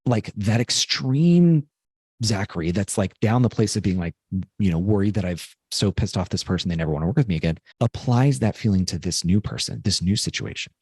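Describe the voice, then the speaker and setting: A man's voice: on the low side, expressive, a little fast, a little mellow, breathy edge, no room sound, clean studio sound. A man co-hosting a podcast, talking through a personal story in an earnest, rambling way with lots of fillers. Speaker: podcast co-host. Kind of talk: casual reflective podcast chat.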